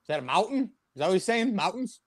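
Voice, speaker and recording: A musician chatting as a guest over a video call. His voice sits slightly high and sounds dry and close to the mic. He tells stories with a wry, disbelieving edge. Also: sing-song, fast talker, dry recording. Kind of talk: casual chat.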